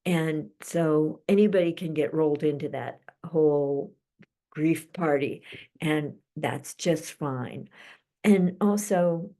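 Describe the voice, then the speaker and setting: Woman doing a live psychic channeling stream, slips into soft whispers, dark mellow tone. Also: on the low side. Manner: slow, soothing, drifting into soft whispers.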